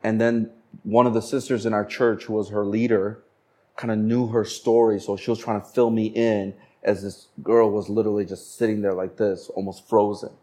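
A male pastor telling a story in a sermon, animated and swinging between raised and hushed delivery. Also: on the low side, normal speed.

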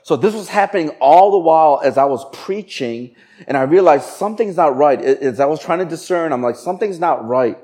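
A male pastor telling a story in a sermon, animated and swinging between raised and hushed delivery. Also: fairly high pitch, a little fast.

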